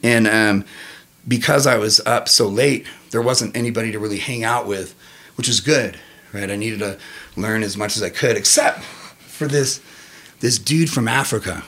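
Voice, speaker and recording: Animated, profane man telling stories. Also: moderate pace. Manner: animated, profane, jumps into high-pitched quotes of himself. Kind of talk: casual storytelling chat.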